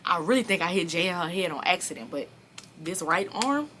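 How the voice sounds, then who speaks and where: A young woman telling a storytime vlog, animated and profane, speaking straight to her viewers. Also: lowish voice, brisk, slight background noise. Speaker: vlogger.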